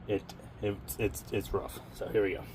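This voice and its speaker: A man's voice: fairly low pitch, flat delivery, moderate pace, heavy background noise. A man chatting self-mockingly while working on his vehicle, out of breath from the effort, recorded on a camera mic outdoors. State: out of breath from work. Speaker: home mechanic vlogger. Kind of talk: casual workshop commentary. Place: outdoor driveway garage.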